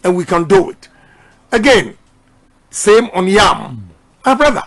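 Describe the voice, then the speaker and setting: Emphatic Ghanaian man, high voice. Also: a bit bright. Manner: emphatic, repeats his points. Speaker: politician. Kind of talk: campaign speech.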